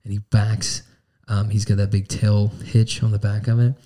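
A young man talks casually in a fairly low, warm, mellow voice. His delivery is laid-back and peppered with swearing, like a podcast co-host telling a story to a friend. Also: flat delivery, moderate pace. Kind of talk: casual chat.

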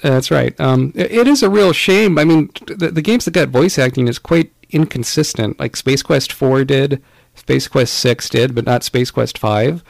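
Gravelly-voiced podcast co-host, dry close sound. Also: male voice, mid-range voice, normal speed, dry recording. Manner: relaxed, rambling with many fillers. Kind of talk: casual chat.

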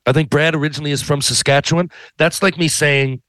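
A man's voice: on the high side, fairly even intonation, fast, a bit bright, no room sound. Rambling man, dry close sound. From Newfoundland, Canada. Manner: rambling, profane, tags lines with "right?". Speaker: podcast host. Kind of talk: casual monologue.

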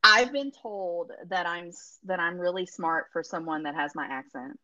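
A woman's voice: lowish voice, moderate pace, pushed and bright, no room sound, lo-fi sound. A woman talking bluntly and with a lot of swearing in casual podcast chat. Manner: blunt, profane.

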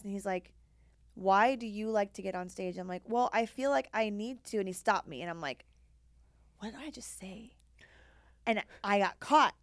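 A woman's voice: medium pitch, no echo, clean studio sound. Blunt, candid woman chatting on a podcast. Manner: candid and blunt, swears freely, acts out quoted dialogue. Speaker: podcast co-host. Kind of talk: casual podcast chat.

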